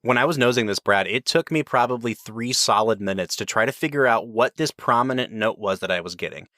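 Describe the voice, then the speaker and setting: A man's voice: medium pitch, a little fast, sharp tone, no room sound, studio quality. A man hosting a podcast, explaining things at length in a casual, enthusiastic way. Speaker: podcast host.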